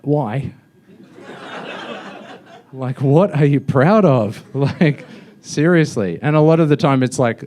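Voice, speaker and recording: A man's voice: mid-range voice, animated, takes it slowly, long pauses, a little mellow. A young man doing a mocking stand-up roast in a comedy club, with a loose, offhand delivery full of fillers. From Australia.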